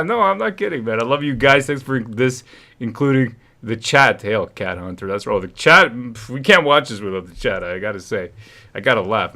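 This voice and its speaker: A man from Quebec hosts a livestream and chats casually. His voice is bright and forward, and his pitch jumps around a lot as he laughs and reads chat comments aloud. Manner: laughs often, puts on silly voices when telling a story. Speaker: livestream host.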